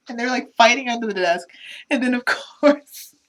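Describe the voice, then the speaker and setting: A woman's voice: on the high side, normal speed. A woman co-hosting a podcast, retelling a film in casual chat, acting out the quotes and laughing often. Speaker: podcast co-host.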